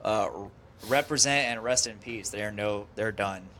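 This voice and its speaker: A man hosting a podcast in casual chat, excitable, swearing often and laughing a lot. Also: on the low side, normal speed, slight background noise. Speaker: podcast host.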